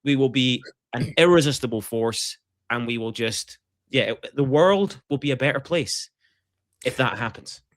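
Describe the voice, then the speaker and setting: A Scottish man co-hosting a podcast in casual chat, animated and joking, swearing freely. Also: mid-range voice, moderate pace. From Scotland. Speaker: podcast co-host.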